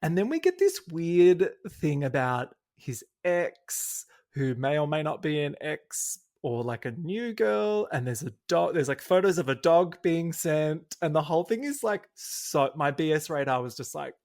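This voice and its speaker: An Australian man hosting a casual podcast chat. His voice is fairly high for a man and has a gravelly, crackly edge. He talks in a bubbly, energetic way and laughs easily. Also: a little slow, few pauses. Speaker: podcast host. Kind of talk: casual chat recapping a reality show.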